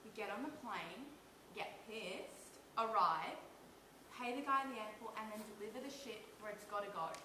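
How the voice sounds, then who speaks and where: A woman's voice: medium pitch, moderate pace, background noise, lightly acted. A young woman plays a domineering female drug smuggler, harsh and scornful, on a school stage. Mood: hard, scornful. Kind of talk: stage acting. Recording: echoey stage from far off.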